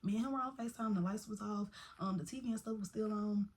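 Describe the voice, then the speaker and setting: A young woman telling a personal story in a casual, animated vlog style, full of slang and asides. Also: mid-range voice, fast talker, a little hiss or hum. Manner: chatty, animated, Southern-tinged slang like "baby" and "y'all".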